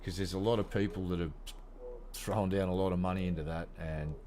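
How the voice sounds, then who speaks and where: A low-pitched Australian man in his fifties rants to camera, blunt and heavy with swearing. A faint hum of noise sits under his voice. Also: steady tone, a little fast, warm tone. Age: 50s. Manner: blunt, heavily profane ranting. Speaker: gaming vlogger. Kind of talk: casual rant to camera.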